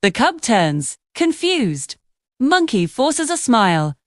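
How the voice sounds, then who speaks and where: A woman narrating a children's cartoon story, her higher voice rising and falling with a lively, expressive storytelling lilt. The sound is dry and close to the mic. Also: slow, no room sound.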